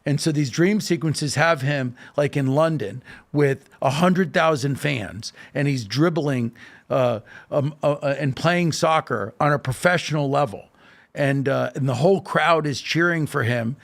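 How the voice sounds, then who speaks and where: A man's voice: on the high side, measured pace, creaky. A man speaking as a podcast guest, telling a story with emphasis, often checking in with "okay?" and restarting with fillers. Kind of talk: animated casual talk.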